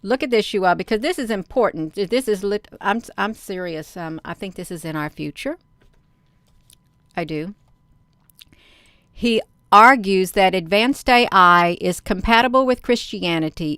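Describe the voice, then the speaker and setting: Woman host, urgent, repetitive, smooth clear voice, dry close sound. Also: mid-range voice, a little slow, fairly bright tone, dry recording. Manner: urgent, repetitive, addresses viewers as "you all". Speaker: video host. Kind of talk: casual talk to camera, reading on-screen articles.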